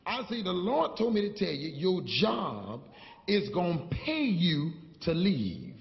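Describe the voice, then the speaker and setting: A man preaching a sermon, telling stories and building to shouted call-and-response with the congregation. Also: high voice, big pitch swings, a little slow, gravelly. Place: church sanctuary. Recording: dull, long-reverb church hall recording.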